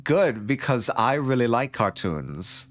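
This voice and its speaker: A man voicing a shy young colonist kid who loves cartoons, in a put-on mock European accent with slow, drawn-out delivery. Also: medium pitch, very animated, fairly bright tone. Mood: bashful. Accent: mock Tommy Wiseau-style European accent. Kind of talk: acting out a visual novel character.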